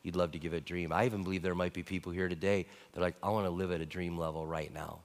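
Man, pastor, sermon, lowish voice, animated storytelling, long church hall reverb. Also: quick pace. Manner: animated storytelling, rising to excited peaks. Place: church sanctuary.

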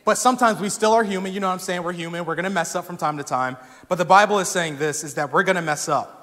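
A young man preaching a sermon in a church, talking casually and telling stories with animated energy that rises to shouts. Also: high-pitched, quick pace. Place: church sanctuary. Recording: long hall reverb.

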